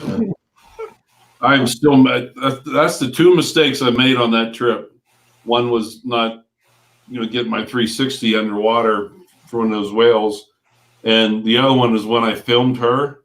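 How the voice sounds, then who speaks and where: Man, mid-pitched voice, casual livestream chat, rambling stories, frequent chuckles. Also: fairly even intonation, unhurried, a bit bright. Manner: rambling storyteller, chuckles often. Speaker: vlogger guest.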